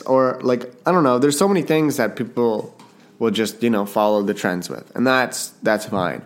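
A man's voice: mid-range voice, normal speed. A man from Canada hosting his own podcast in a casual solo chat, rambling and self-deprecating, often restarting his sentences and apologizing. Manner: apologetic, jokey. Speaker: podcast host and author.

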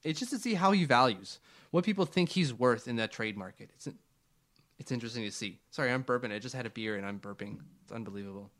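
A Canadian man co-hosting a podcast in an easy, rambling way. His voice sits at an ordinary pitch for a man, and he often trips over his words and starts again. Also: fast. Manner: relaxed, rambling with restarts. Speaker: podcast co-host. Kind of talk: casual sports chat.

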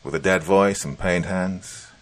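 Deep-voiced man narrating a story. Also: unhurried. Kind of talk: first-person scripted story narration.

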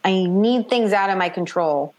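A woman author talking casually in an interview, chatty and animated, acting out quoted voices as she tells her story. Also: mid-range voice, moderate pace. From New York / New Jersey. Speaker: author guest.

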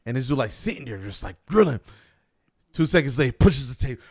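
A man hosting a casual podcast, telling stories in an animated, slangy way. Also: mid-range voice, fairly quick, no echo, clean studio sound. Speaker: podcast host. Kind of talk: casual podcast chat and storytelling.

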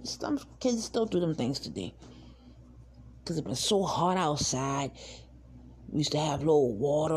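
Low-pitched, a little mellow, and edged with breath, the voice belongs to a woman hosting a podcast. She tells rambling, unhurried stories from her childhood in a casual monologue, cursing and laughing as she looks back.

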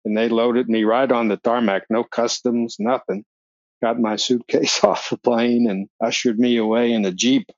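An older man sits as a guest and tells stories with relish, jumping into the voices of others and laughing along the way. His voice sits at a middle pitch. The recording is dry and a little dull. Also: no echo. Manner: animated storyteller, acts out quoted voices, laughs often. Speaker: podcast guest. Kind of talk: storytelling in a casual interview.

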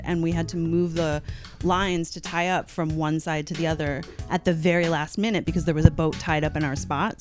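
A woman's voice: sits low, darkish tone. A Canadian woman chatting as a podcast guest, telling a story with lots of laughs and likes. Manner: laughs often, rambling with many likes. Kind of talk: casual storytelling chat.

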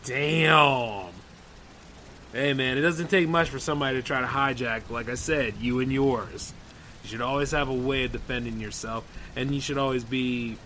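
A man's voice: mid-range voice, pushed and bright, a little hiss or hum, poor audio. Man casually reading horror stories. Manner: loose, conversational asides full of 'like' and 'man'. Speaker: podcast host.

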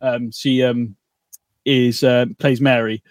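A man's voice: medium pitch, level tone, slow, no room sound, studio quality. A man co-hosting a podcast in casual chat, rambling and bantering with mock outrage. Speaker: podcast co-host.

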